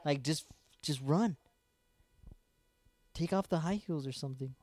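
A man with a slightly high voice co-hosts a podcast, relaxed and chatty, tossing dude into his sentences. The recording is dry and close. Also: unhurried, no echo. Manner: laid-back, says dude a lot. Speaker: podcast co-host. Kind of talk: casual live-stream chat.

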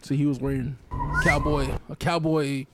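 A man's voice: medium pitch, fairly even intonation, moderate pace, music in the background. A man casually telling stories to friends, laughing often as he talks. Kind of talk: casual storytelling among friends.

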